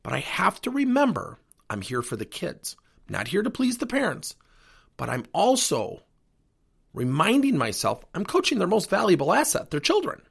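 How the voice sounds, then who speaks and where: Middle-aged man, podcast host and coach, husky, gravelly voice, very lively pitch. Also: normal speed. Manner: animated, earnest coaching delivery. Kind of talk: solo podcast talk.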